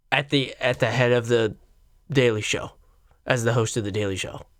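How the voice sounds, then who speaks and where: Male podcast host, sarcastic and foul-mouthed solo ranter; slow delivery, dry close mic. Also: a little high, dry recording. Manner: profane, sarcastic, ranting. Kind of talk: solo comedy podcast rant.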